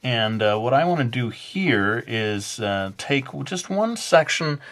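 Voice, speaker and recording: A man narrating a drawing tutorial in a halting, easygoing way, with many filler words and light jokes. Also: mid-range voice, sing-song, fairly bright tone. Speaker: drawing instructor.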